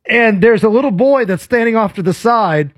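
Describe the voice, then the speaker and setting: A man's voice: high-pitched, lively intonation, normal speed, dry recording. A man co-hosting a radio talk show in a studio, joking around and laughing often. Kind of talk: casual morning radio banter.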